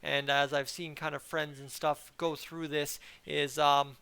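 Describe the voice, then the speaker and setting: Young man, gravelly voice, smooth and clear, rambling fan talk, slightly higher pitch. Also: flat delivery, measured pace, pushed and bright. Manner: rambling, chatty, frustrated. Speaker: hockey fan channel host. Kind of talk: casual fan commentary vlog.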